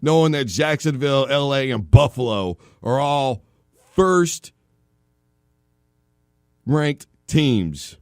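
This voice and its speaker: In a studio, a man hosts a casual sports talk show on a studio microphone, animated and jokey as he spins long comic analogies. His medium-pitched voice is smooth and unhurried, with long pauses and no room sound.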